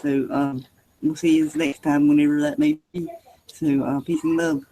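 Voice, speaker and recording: A man hosting a casual livestream, easygoing and quick to laugh, trailing off in fillers. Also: on the high side, very animated, creaky, warm tone, slight background noise, low-quality recording. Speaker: livestream host.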